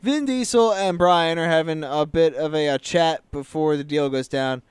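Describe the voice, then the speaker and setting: Guy on a podcast, super clear voice, kinda high, telling a movie plot and doing quick voices for the characters. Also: no room sound, clean studio sound. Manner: retells the plot in quick quoted voices, loose and joking. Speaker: podcast co-host recapping a film. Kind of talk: casual chat.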